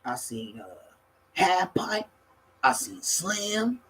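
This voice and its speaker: A man telling a street story in a casual, animated, profane way, often laughing and acting out other people. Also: high voice, very slow, slight background noise, low-quality recording.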